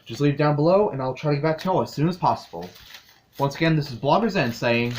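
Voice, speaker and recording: A young man in a casual video review, recapping a cartoon episode in a chatty way with quick asides. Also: a little high, expressive, a little mellow, a little hiss or hum.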